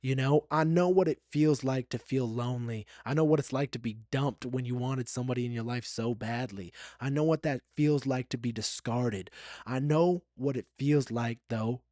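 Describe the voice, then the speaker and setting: A man's voice: medium pitch, normal speed, dark tone, no echo, studio quality. A man hosting a solo podcast, talking in a candid and reflective way, sometimes getting emotional and repeating himself. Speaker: podcast host.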